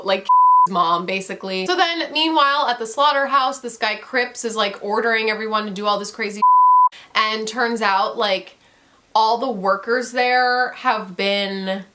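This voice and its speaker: Bright-voiced woman rambling about a book. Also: on the high side. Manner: rambling, candid, laughs often, swears. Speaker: book reviewer. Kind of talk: casual book review chat.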